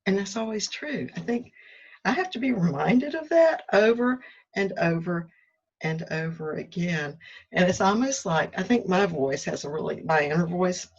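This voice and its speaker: A woman with a somewhat low, husky voice talks in a chatty, self-deprecating way. She drifts between confiding asides and little acted-out exchanges with herself. The sound is muffled and lo-fi. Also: animated, moderate pace. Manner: chatty, candid, self-deprecating, acts out her own inner dialogue. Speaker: spiritual self-help host. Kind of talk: casual reflective monologue. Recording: muffled lo-fi recording.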